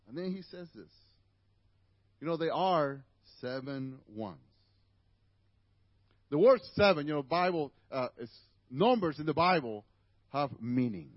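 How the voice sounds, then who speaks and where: Lively Spanish-accented male preacher. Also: fairly high pitch, a little slow, dry recording, lo-fi sound. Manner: animated, conversational preaching with asides to the congregation. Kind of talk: sermon. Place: church.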